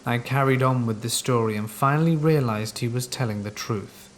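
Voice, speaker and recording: A man's voice: mid-range voice, normal speed, slight background noise. Man reading scary stories over rain. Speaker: horror story narrator. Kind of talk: scripted first-person horror narration. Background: steady rain sounds.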